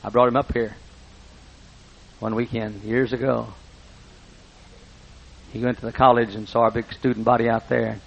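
A pastor preaches by telling humorous, folksy stories, frequently interrupting himself mid-sentence. His medium-pitched voice is gravelly and level, moving at a moderate pace with long pauses, and the recording is dull and lo-fi.

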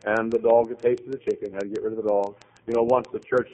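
A man preaching a sermon, rambling through anecdotes and building to loud exhortation. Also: on the low side, flat delivery, quick pace, highs cut off. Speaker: pastor.

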